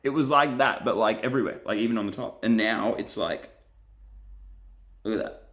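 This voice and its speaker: A man's voice: lowish voice, normal speed, a bit bright. A young man, a pastor and live streamer, chatting casually and playfully as he reads viewer comments and laughs often.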